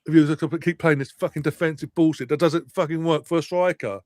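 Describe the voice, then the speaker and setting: A man's voice: a little high, steady tone, fast, a little mellow, no echo. Sarcastic man, dry close sound. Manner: bitter, sarcastic, sweary. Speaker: football fan co-host. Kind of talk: angry live match watchalong rant.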